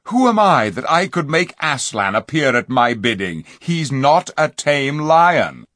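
A man's voice: mid-range voice, sing-song, measured pace, fairly bright tone, no room sound, clean studio sound, pitched above the performer's own voice. A man voicing a proud, hot-tempered young king who speaks in a formal, lofty way. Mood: indignant.

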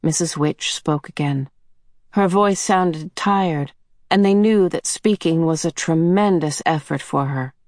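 A woman reading a novel aloud as an audiobook narrator, in measured storytelling. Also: deep voice, no room sound, studio quality. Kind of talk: scripted narration.

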